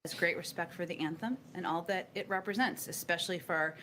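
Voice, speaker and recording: Fast-talking woman at a press briefing. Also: lowish voice, bright, forceful tone, a little hiss or hum. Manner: measured, official phrasing. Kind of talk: formal press briefing statement.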